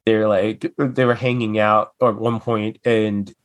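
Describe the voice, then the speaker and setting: A man's voice: lowish voice, level tone, takes it slowly, no echo. A man co-hosting a podcast in casual chat, cracking crude jokes and teasing his co-host.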